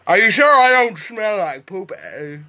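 A man's voice: sits high, big pitch swings, a little slow, sharp tone. A man doing a goofy comedy skit, talking in an exaggerated, silly, whiny voice. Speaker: vlogger.

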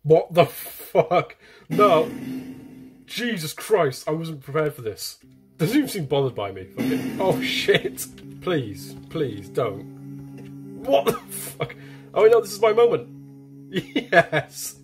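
A man's voice: fairly high pitch, big pitch swings, slow pace, faint music behind. A man giving gameplay commentary who swears constantly, laughs a lot and mocks what he sees. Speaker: gaming video host.

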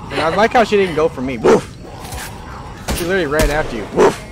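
A man's voice: fairly high pitch, animated, rapid-fire, very noisy. A man streaming a multiplayer game, chatting casually with teammates and his viewers, cursing and joking as he plays. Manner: swearing, joking, barking at teammates. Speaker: gaming streamer. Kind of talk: casual live-stream gameplay chat.

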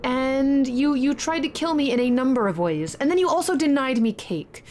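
A woman hosting a gaming channel, giving excitable, chatty let's-play commentary full of exclamations. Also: high voice, moderate pace, slight background noise.

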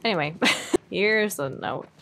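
A woman's voice: on the low side, animated, measured pace, creaky, fairly bright tone. A young woman giving casual, chatty let's-play commentary, giggling and poking fun at herself. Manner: chatty, giggly and self-deprecating. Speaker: gaming streamer.

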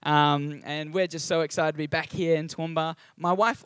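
A man's voice: a little high, steady tone, moderate pace, few pauses, fairly bright tone, smooth, no room sound. Upbeat Australian man preaching. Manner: chatty and upbeat, with frequent ums and asides. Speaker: guest preacher. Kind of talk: sermon. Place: church service.

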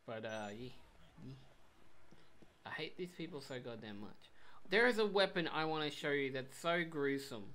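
A young man giving rambling, swear-heavy commentary on a game, with sudden loud outbursts. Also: on the high side, lively intonation, normal speed, long pauses. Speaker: gameplay commentator. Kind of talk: casual let's play commentary.

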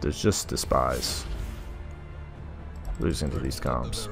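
A man's voice: rumbling low, takes it slowly, gravelly, music in the background. A young adult man venting as a gaming streamer, giving exasperated live gameplay commentary full of mild oaths in place of swears.

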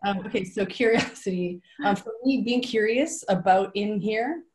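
A woman co-hosting a group session over a video call, chatting in an animated, rambling way with laughs and self-corrections. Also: mid-range voice, normal speed. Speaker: co-host leading the session. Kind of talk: casual chat on a video call.

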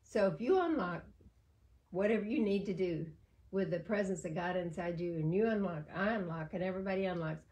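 A woman's voice: fairly low pitch, a little fast, darkish tone, low-quality recording. An older woman pastor preaching fervently in a casual talk, repeating phrases for emphasis. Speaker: pastor and co-host.

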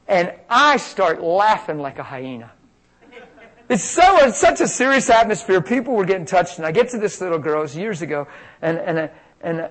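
A middle-aged man preaching, telling a healing story in an animated way that jumps high and loud at its peaks. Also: low-quality recording. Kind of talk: healing testimony sermon.

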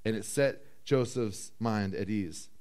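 A man preaching a sermon as pastor, telling the story with animated acted-out voices and dropping low and slow for emphasis. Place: church.

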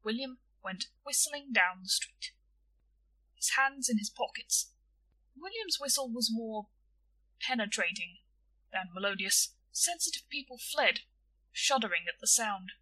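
Bright, husky woman narrating a story. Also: fairly high pitch, expressive, a little slow, recorded from a distance, rough recording.

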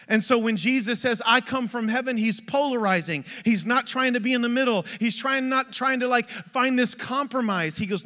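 A man preaching an energetic sermon, exhorting the congregation with rhetorical questions. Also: very high-pitched, normal speed, hardly any pauses. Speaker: pastor. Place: church sanctuary. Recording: long church hall reverb.

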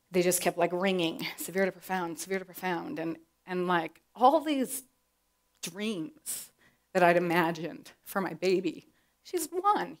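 A middle-aged woman telling a personal story to an audience, animated and acting out the voices she quotes. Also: lowish voice. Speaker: presenter.

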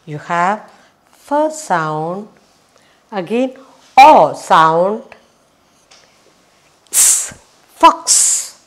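A woman teaching a children's phonics lesson, sounding out letters slowly and repeating each one. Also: on the low side, very animated.

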